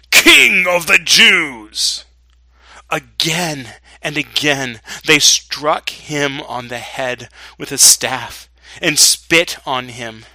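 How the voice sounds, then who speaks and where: A pastor reading a scripture passage aloud in a slow, deliberate way. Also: male voice, medium pitch, pushed and bright, no echo. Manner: slow and deliberate reading, with dramatic quoted lines.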